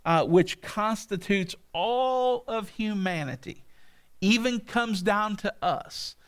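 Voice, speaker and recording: Pastor guy preaching, folksy and chatty, keeps saying okay, voice a bit on the high side. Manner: folksy storytelling with frequent "okay?" asides. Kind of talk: sermon.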